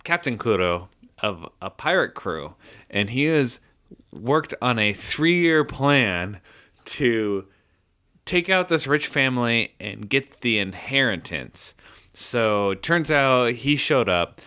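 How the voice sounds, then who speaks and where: A man co-hosting a casual podcast, laid-back and self-mocking, summarizing an episode in halting bits. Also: mid-range voice, animated, sharp tone, clean tone. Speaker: podcast co-host.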